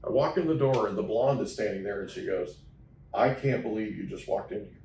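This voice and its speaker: A man's voice: fairly low pitch, fairly quick, creaky, a little mellow, a little hiss or hum. A man hosting an interview, telling a story with emphasis and often checking in with "okay?". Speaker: podcast host. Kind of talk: casual interview chat. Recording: echoey room, mic at a distance.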